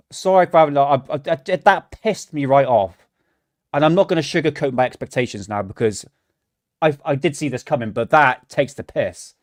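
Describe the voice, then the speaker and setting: Man, livestream host, exasperated, swearing, stammering, high-ish voice. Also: normal speed. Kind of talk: reaction livestream rant.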